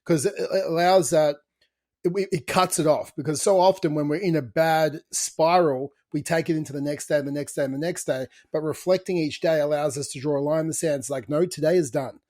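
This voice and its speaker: A man's voice: a little high, steady tone, a little fast, darkish tone, dry recording, studio quality. A man co-hosting a podcast as a coach, speaking in an encouraging, casual way. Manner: encouraging, says mate.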